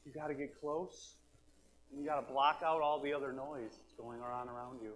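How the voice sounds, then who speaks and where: A man's voice: mid-range voice, little pitch movement, moderate pace, low-quality recording. A man preaching a sermon as pastor, talking plainly and repeating his key phrases, sometimes dropping to a whisper. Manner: drops to a whisper to make a point, then back up.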